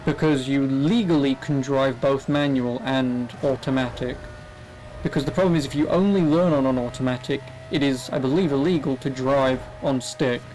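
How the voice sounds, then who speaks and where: A young man talks his way through a racing game stream in a loose, rambling way, cursing now and then. His voice sits at an ordinary middle pitch. Faint engine noise hums underneath. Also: normal speed, darkish tone. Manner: rambling, chatty, swears casually. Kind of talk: casual gameplay commentary.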